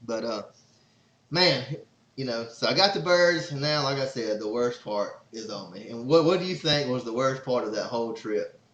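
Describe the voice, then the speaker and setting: Man, casual podcast host, excitable rambling storyteller, mid-pitched voice in a roomy, slightly muffled recording. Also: normal speed. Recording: roomy, slightly dull sound.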